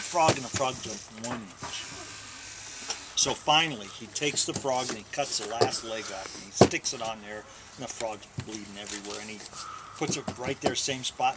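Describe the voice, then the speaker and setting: At the family home, a father with a medium-pitched voice tells a long joke unhurriedly, occasionally slipping and correcting himself. It's a very noisy handheld camcorder home video, with a baby crying loudly.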